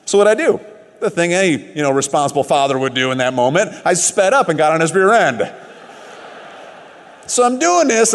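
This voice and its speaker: Middle-aged male motivational speaker, slightly high voice, emphatic storyteller, big echoing hall. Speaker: motivational speaker at a business event. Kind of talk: motivational stage speech. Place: large event hall. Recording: long hall reverb.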